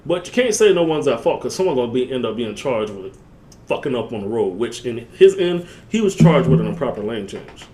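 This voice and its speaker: A young man casually telling a story on his vlog in loose slang, jumping up in pitch when he quotes himself. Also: brisk. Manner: animated, jumps up in pitch when quoting himself; loose slangy talk with many fillers. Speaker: vlogger.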